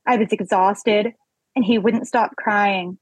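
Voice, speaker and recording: Slightly husky young woman telling her story. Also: medium pitch, slow pace, dry recording, rough recording. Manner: candid, animated storytelling. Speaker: podcast guest. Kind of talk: personal storytelling in interview.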